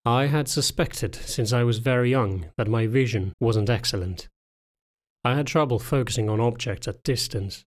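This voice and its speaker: A man reading a novel aloud as a first-person audiobook narrator, in a calm, measured way. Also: mid-range voice.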